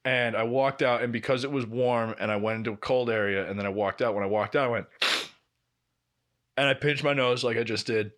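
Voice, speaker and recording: Young guy podcast cohost, rambling animated work stories, swears a lot, acts out what people said. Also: mid-range voice, moderate pace. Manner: animated storyteller, acts out quotes, swears freely. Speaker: podcast co-host. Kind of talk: casual chat.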